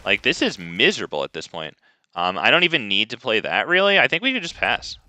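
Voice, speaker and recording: A man's voice: on the low side, very animated, brisk, pushed and bright, no echo. A man streaming a card game, ranting casually and talking to his chat. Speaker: gaming streamer. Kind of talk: casual live gameplay commentary.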